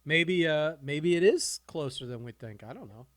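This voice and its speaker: A man's voice: on the high side, lively intonation, normal speed. Rambling man on a podcast. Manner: rambling, swears, muses aloud. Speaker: podcast co-host. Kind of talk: casual chat.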